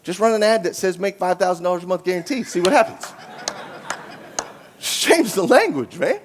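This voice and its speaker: A man with a high, bright voice delivers a lively keynote talk, firing questions at the audience and joking as he goes. His voice comes through a stage mic and rings out in a long reverb from the large, dim hall. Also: moderate pace, pauses often, slight background noise. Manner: animated, jokey, engages the crowd with questions. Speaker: keynote speaker. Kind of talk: energetic conference keynote storytelling.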